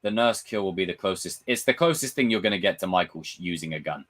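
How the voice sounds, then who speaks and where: A young man chatting casually on his live stream, reading viewer comments, swearing freely and acting out film scenes with loud impressions. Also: sits low, quick pace. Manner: animated, swearing, reads and answers chat comments. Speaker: livestream host.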